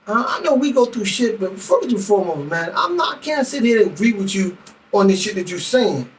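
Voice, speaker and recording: A man's voice: sits high, a bit bright, far from the mic, low-quality recording. A middle-aged man venting heatedly, telling a story with lots of profanity and acting out both sides of an argument. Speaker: vlogger. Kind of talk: venting monologue.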